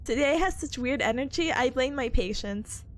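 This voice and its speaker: A young woman talks to her live viewers in a very high, animated voice, full of bubbly giggles. She is sick but stays chatty and playful as she streams. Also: normal speed. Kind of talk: casual live-stream chat.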